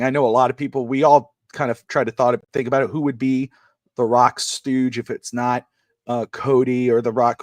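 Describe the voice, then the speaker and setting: Excitable man in dry casual chat. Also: medium pitch, no echo. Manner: excitable, rambling, restarts often. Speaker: sports podcast co-host. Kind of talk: casual sports talk.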